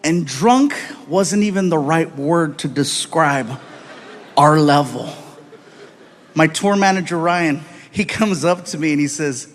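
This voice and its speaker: A man from the United States doing animated stand-up storytelling on a live comedy stage, acting out voices and swinging between loud and soft. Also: on the high side, normal speed, slight background noise.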